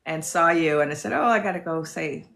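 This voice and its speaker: A woman's voice: low voice, fairly quick, gravelly, a bit bright. A woman who is a guest on a livestream, talking briefly and casually in a friendly way.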